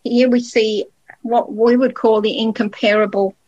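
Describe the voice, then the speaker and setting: Woman, Bible study leader, higher voice, dry close sound, guides and questions the panel. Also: steady tone, normal speed, darkish tone, husky, no echo, highs cut off. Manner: guiding, asks the panel questions. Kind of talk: group Bible study discussion.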